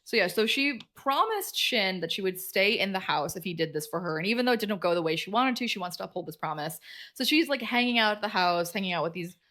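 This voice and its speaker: A woman co-hosting a book club podcast, chattily retelling a novel's plot and quickly acting out the characters' lines. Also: mid-range voice, lively intonation, fairly bright tone.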